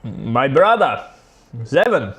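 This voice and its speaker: A man, hosting a live stream and chatting casually with viewers in a rambling, halting way. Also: mid-range voice, sing-song, fairly bright tone, breathy edge. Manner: rambling, halting, with many restarts. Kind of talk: casual chat answering viewers.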